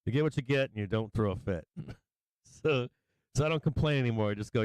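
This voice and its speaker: A man's voice: medium pitch, lively intonation, brisk, darkish tone, smooth, dry recording. A middle-aged man hosting a casual stock market livestream, talking through charts, laughing often and swearing freely. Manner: laughing, sing-song chanting, swears freely. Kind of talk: casual live trading commentary.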